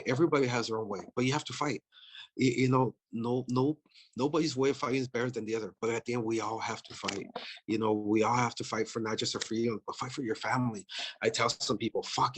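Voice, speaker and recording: Husky-voiced blunt, profane man. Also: mid-range voice, fairly bright tone. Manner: blunt and profane, with frequent fillers. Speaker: political candidate. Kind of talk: casual interview talk.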